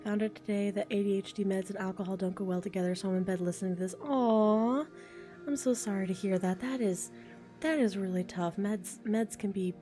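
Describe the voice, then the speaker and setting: A woman's voice: medium pitch, fairly even intonation, fast, dark tone, soft background music. Chatty woman rambling on a live stream. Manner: chatty and rambling, laughs often, thinks aloud. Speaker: ASMR voice creator streaming live. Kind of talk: casual live-stream chat reading comments. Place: home, a train passing outside.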